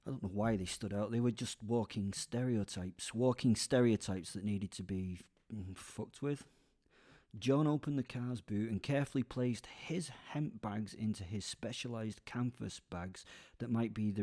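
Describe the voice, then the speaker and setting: A man narrates a comic story in the first person for his podcast. His voice sits a little low and has a warm, mellow tone. He rambles into asides and sometimes drops into a whisper.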